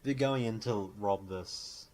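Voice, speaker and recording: A man's voice: lowish voice, takes it slowly, a little mellow. A man, co-hosting a podcast in a casual, joking chat and ranting about reality shows. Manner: jokey, ranting, acts out quotes in mock voices. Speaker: podcast co-host.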